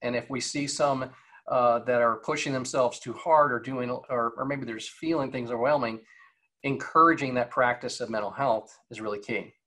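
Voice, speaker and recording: Man, 40s, guest speaker, mid-pitched voice, chatty storytelling, video call audio. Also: fairly even intonation, normal speed, sharp tone. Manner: conversational, rhetorical questions, frequent fillers. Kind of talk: casual motivational talk with anecdotes.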